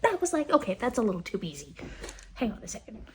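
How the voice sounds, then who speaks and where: A woman's voice: a little high, quick pace, slight background noise. Chatty woman vlogging her reading. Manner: chatty, swears, frequent fillers, excited outbursts. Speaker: book vlogger. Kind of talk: casual reading vlog chat.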